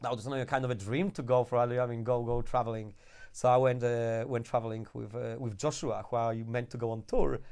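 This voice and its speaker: Animated man telling stories. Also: mid-range voice, a little fast, smooth. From Ukraine. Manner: animated storyteller, swears, laughs often. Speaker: guest. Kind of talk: casual podcast chat.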